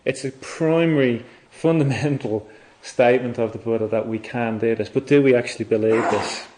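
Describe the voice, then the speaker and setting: A man giving a Buddhist dharma talk, reflective and halting, often restarting his phrases. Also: medium pitch, darkish tone. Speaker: Buddhist teacher.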